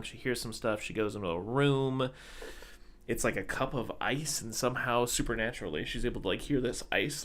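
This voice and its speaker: A man co-hosting a podcast, talking casually and excitedly about a movie, with lots of fillers as he describes scenes. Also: fairly low pitch. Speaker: podcast co-host.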